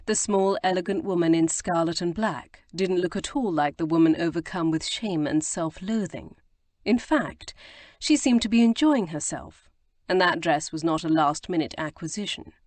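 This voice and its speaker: A woman narrating a historical romance audiobook in measured storytelling. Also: on the low side, no echo. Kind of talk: scripted narration.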